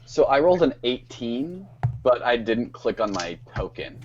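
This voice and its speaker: A man's voice: mid-range voice, big pitch swings, normal speed, a little mellow, dull audio, a little hiss or hum. A man playing in a tabletop game, chatting eagerly and politely. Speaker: player. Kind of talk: casual game chat.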